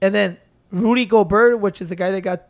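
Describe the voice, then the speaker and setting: A man hosting a podcast into a microphone, telling stories in excitable, profane casual chat. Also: high voice, a little fast, gravelly. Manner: excitable, swearing, storytelling with restarts. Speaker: podcast host.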